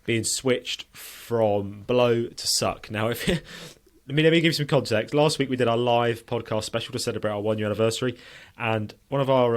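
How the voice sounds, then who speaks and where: A man co-hosting a casual fitness podcast, rambling and swearing freely as he sets up the episode. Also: fairly low pitch. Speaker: podcast co-host.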